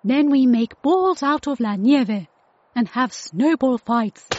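A woman voicing Jacob, an excited playful friend in a children's storybook. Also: sits high, takes it slowly, no room sound, pitched above the performer's own voice, full character voice. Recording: dull lo-fi dry recording.

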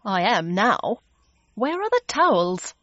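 A woman putting on an excitable old-fashioned inventor man. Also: medium pitch, takes it slowly, no echo, muffled recording, exaggerated voice. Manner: excitable, exclaiming.

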